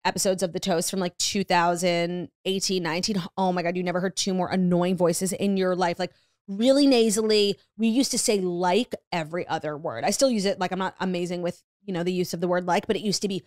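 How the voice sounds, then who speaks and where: A young woman from Long Island with a faint Long Island accent and some vocal fry, chatting as a podcast guest and poking fun at herself. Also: fairly low pitch, fairly even intonation, fairly quick, no room sound, clean studio sound. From Long Island, New York. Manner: chatty, self-deprecating. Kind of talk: casual chat.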